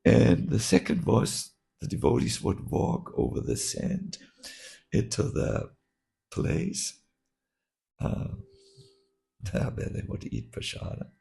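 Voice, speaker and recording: A man, a monk, telling a story while teaching a scripture class, halting with many fillers and restarts. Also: on the low side, sing-song, vocal fry, mellow.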